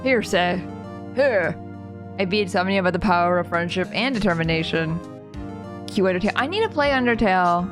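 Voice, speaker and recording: A woman's voice: lowish voice, expressive, brisk. A woman streamer chatting casually and giggling as she plays, with game music behind. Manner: giggly, chatty, reacts to chat. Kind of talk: casual chat while playing a game.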